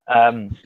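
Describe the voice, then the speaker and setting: A man's voice: medium pitch, dry recording, highs cut off. A man narrating a tabletop game, dry sound. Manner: halting narration with fillers. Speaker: game master.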